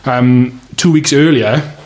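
A man's voice: mid-range voice, slow pace. Rambling, sweary British man. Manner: rambling, swears a lot, loses his place. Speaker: podcast host. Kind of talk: casual podcast chat.

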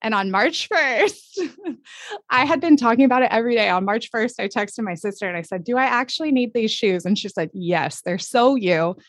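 A woman hosting a podcast interview, gushing and enthusiastic, talking in quick bursts with frequent laughs. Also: a little high, animated, no echo, studio quality. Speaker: podcast host. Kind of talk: upbeat casual interview.

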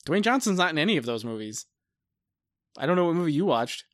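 A man in his thirties with a fairly high voice rambles through casual podcast chat, full of restarts, fillers and the odd swear. The mic is close and the sound is dry, with no room echo. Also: sing-song, fast talker. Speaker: podcast co-host.

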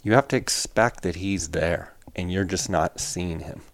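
A man with a fairly low voice gives hunting tips in casual chat. He talks emphatically and hammers each point home with repeated short phrases. Now and then he acts out quoted exchanges with a lifted voice. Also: measured pace, no room sound. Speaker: hunting podcast host.

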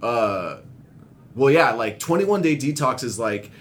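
A young man telling rambling, profane stories in casual chat, laughing often and growing animated as he retells them. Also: measured pace. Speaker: guest telling recovery stories. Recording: faint low rumble.

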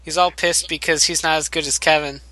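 Male podcast co-host, forceful bright tone, loose sarcastic recap with lots of profanity. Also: fairly high pitch, steady tone, dry recording, low-quality recording. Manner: profane, sarcastic, mocks characters in quick asides. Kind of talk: casual recap chat.

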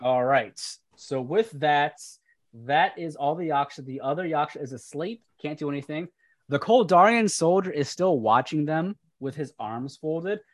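A man's voice: fairly high pitch, lively intonation, normal speed, no room sound. A man running a tabletop role-playing game as game master, narrating the action and explaining the rules. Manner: explains rules aloud while reading.

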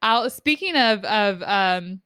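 A woman's voice: medium pitch, animated, slow, bright, forceful tone, clear, resonant tone, dry recording. Playful woman guest, dry close sound. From Honduras. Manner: playful, laughs often, teaches slang. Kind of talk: casual chat.

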